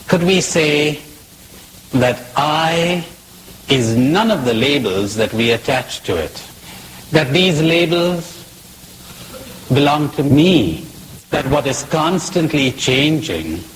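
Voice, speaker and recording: A man's voice: mid-range voice, a little hiss or hum, low-quality recording. A man giving a spiritual talk in a playful, questioning way, mixing jokes with reflection. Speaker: spiritual speaker.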